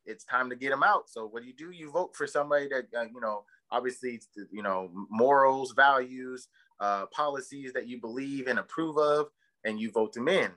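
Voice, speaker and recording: Male podcast co-host, casual chat; bright, tense tone; rambling, profane, emphatic storyteller. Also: mid-range voice, brisk, poor audio. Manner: heated and emphatic.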